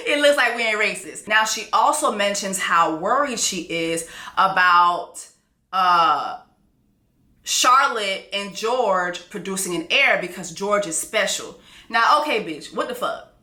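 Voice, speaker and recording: Brash, bright-voiced woman recapping a show. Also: medium pitch, unhurried, echoey room. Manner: brash, profane, animated storytelling. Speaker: YouTube recap host.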